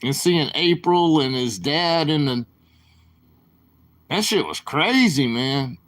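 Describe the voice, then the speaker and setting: Slow rambling guy chatting on his stream, kinda high voice, keeps saying sorry. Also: animated, a bit bright. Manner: rambling, apologetic, slow-talking. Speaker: live streamer. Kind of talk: rambling casual live-stream chat.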